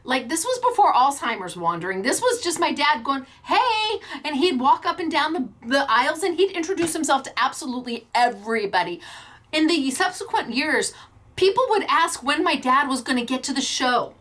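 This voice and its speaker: Middle-aged woman, craft host, casual storytelling, bright forceful voice, slightly high. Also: a little fast. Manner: lively, laughing storyteller. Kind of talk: casual anecdote.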